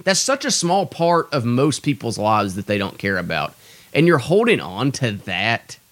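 The podcast host, a young stand-up, delivers an exasperated, foul-mouthed rant at his own expense. He speaks at a moderate pace and medium pitch with big pitch swings and a slightly bright tone, recorded dry.

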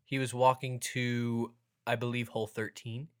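A man's voice: medium pitch, level tone, normal speed, smooth. A young man hosting a casual sports podcast, joking around and playing up a mock ad read. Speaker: podcast host.

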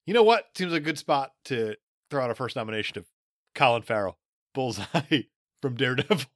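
Man, podcast co-host, bright tone, lively pitch, sarcastic jokes, a bit tipsy, dry close mic. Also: a little fast, dry recording. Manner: jokey, laughs often, sarcastic. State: slightly tipsy. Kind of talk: casual comedic chat.

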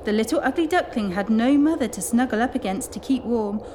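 A woman hosting a children's story show, reading a storybook aloud in an expressive, animated way. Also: a little high, a little fast, background noise. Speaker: children's story reader, host.

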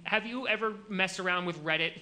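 A man hosting a comedy podcast, telling animated stories in casual chat with many filler likes. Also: sits high, fairly quick. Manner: animated storytelling, frequent likes.

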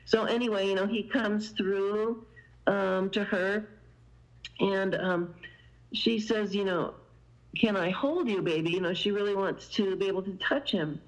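A woman's voice: mid-range voice, steady tone, unhurried, poor audio. A woman guest telling a long story in casual conversation, meandering and sprinkling in fillers. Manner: meandering, many "you know" fillers.

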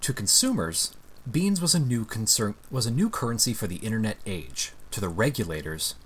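Low-voiced man explaining on a podcast. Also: sing-song, normal speed, slightly rough. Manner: explains step by step, checks in with "right?". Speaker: podcast co-host. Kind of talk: casual explanatory chat.

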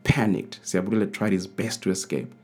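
A man, co-author of a children's book, reading his story aloud in a measured, gentle storytelling manner. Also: deep voice, expressive, soft background music.

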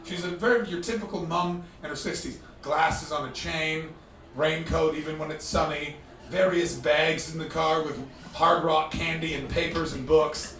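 A man from Canada doing stand-up comedy with crowd work, telling stories in an animated, chatty way. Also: fairly high pitch, moderate pace, slight background noise. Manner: animated, chatty storytelling with frequent laughs. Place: live comedy venue with an audience. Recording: roomy, distant stage sound.

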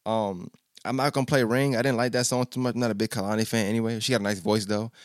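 A man's voice: fairly low pitch, fairly even intonation, quick pace, dry recording, studio quality. A man hosting a podcast, chatting casually as he reviews an album, stuttering often and repeating himself in loose slang. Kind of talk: casual music review chat.

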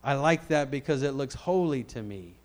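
A middle-aged man preaching a sermon in a conversational, animated way, swinging between loud declarations and quiet asides. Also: mid-range voice, normal speed.

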